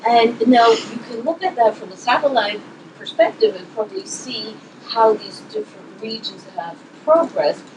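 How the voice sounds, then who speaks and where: A woman speaking on a panel in a thoughtful, measured way, pausing with fillers and restarting her sentences. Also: fairly high pitch, animated. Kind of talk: panel discussion remarks. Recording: distant mic with clear noise.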